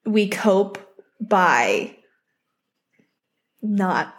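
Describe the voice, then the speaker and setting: A woman in her twenties co-hosting a casual podcast, playful with drawn-out comic asides. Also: mid-range voice, lively intonation, echoey room. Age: 20s. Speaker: podcast co-host. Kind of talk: casual chat.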